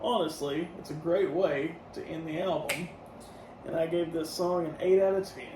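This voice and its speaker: A man with a fairly high voice talks at normal speed; the mic is set back and the room echoes, with slight noise. He's co-hosting a casual podcast, taking an album track by track, scoring each out of ten in a relaxed, easily laughing manner.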